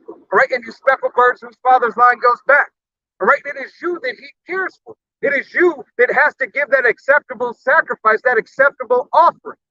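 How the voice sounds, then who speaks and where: Forceful high-voiced male preacher. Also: vocal fry, dry recording, highs cut off. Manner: blunt, profane, punctuates with "all right?". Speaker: street preacher. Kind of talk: fiery sermon.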